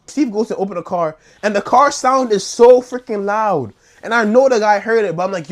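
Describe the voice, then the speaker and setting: A young man telling a wild story in a slangy, animated vlog, acting out the scenes. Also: high voice, a little fast, hardly any pauses. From New York.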